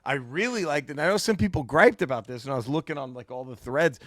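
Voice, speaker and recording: A man co-hosting a comedy podcast, chatting casually and profanely, animated and quick to laugh. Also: fairly high pitch, no room sound, clean studio sound. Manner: animated, profane, laughs a lot, does mock impressions. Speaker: podcast co-host.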